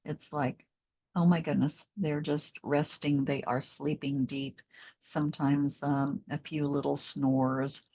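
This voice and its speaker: A slow, low-pitched woman with a gravelly, husky voice talks gently through an interview. Her tone is mellow and relaxed, with plenty of fillers. The audio is slightly dull and lo-fi. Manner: gentle, reflective, with many fillers. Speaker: postpartum doula and bodywork instructor. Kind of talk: conversational interview.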